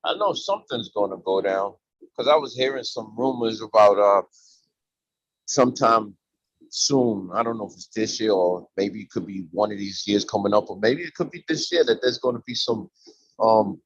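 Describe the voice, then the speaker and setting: A man's voice: fairly low pitch, normal speed, slightly rough, dry recording, highs cut off. A man in casual chat who rambles loosely and laughs at his own jokes.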